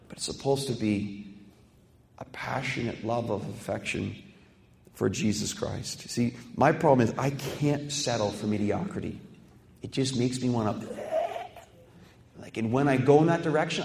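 Man, passionate preacher, hushed then fired up, booming hall echo. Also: normal speed. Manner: quotes others in acted voices. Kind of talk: sermon. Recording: echoey hall reverb.

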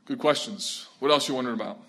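Pastor, male, mid-pitched, speaking to a live room, earnest and animated. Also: fast talker, slight background noise. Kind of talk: talk and Q&A for church leaders.

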